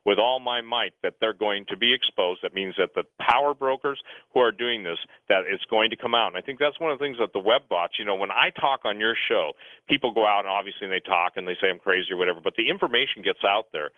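Low-voiced man ranting over a phone line. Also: fast talker, no room sound. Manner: rambling, restarts sentences, urgent. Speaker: radio show guest. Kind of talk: talk radio commentary. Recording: phone-line radio sound, dry.

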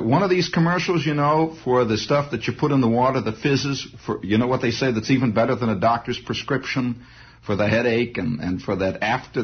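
A man doing a rambling comic monologue, animated, with restarts and vocal sound effects, on a dull lo-fi old recording. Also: mid-range voice, husky. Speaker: comedian.

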